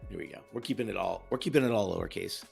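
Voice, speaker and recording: Man, hoarse, lowish pitch, relaxed co-host, brief reactions, clears throat, faint music behind. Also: rapid-fire. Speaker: co-host and designer. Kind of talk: casual live-stream chat.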